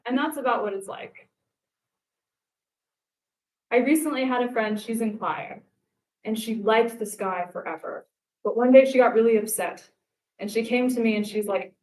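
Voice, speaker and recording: A woman's voice: on the high side, normal speed, pauses often. A young woman performing a stand-up comedy set, telling stories and acting out the lines she quotes. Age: young adult. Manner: animated storytelling, acts out quotes. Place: live comedy show stage. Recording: echoey live venue.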